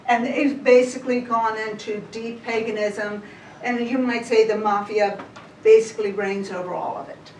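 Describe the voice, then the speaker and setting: Female Bible teacher, casual storyteller, slightly high voice, picked up from a distance in an echoey church room. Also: steady tone, moderate pace, darkish tone. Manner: chatty, retells scripture in everyday words. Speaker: women's Bible study teacher. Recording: roomy hall, distant mic, faint hiss.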